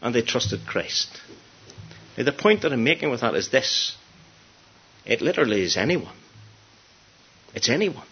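Earnest preacher with soaring emphatic peaks. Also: male voice, medium pitch, very animated, a little slow, long pauses, breathy edge. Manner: earnest, swings from hushed to rising emphatic peaks. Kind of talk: gospel sermon. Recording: dull lo-fi sermon recording.

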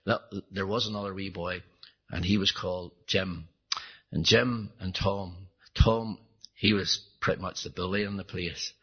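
Earnest male preacher, husky voice, dull lo-fi recording, pleading sermon delivery. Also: sits low, steady tone, measured pace. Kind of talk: evangelistic sermon storytelling.

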